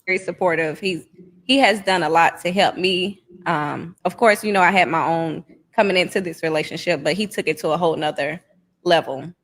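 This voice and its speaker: Brief: lower-voiced woman, reality TV confessional, calm and plainspoken. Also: brisk. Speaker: reality show cast member.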